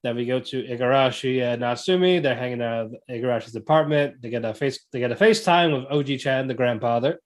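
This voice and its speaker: Rambling through casual recaps of anime episodes, this podcast co-host slips into quick voices to act out the characters' lines. His voice is mid-range.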